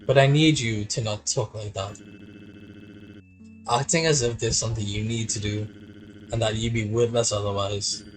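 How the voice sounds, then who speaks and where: A man voicing a wounded male bodyguard who is loyal and calm, speaking in quiet, steady reassurance with a husky tone. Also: medium pitch, normal speed, long pauses, faint music behind, natural voice, low-quality recording. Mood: gentle.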